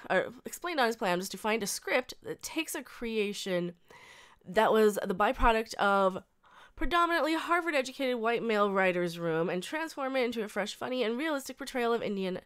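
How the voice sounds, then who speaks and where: Woman, 30s, reaction video host, higher voice, reading an article aloud with ranting commentary, blunt and profane, stumbling restarts. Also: clear, resonant tone.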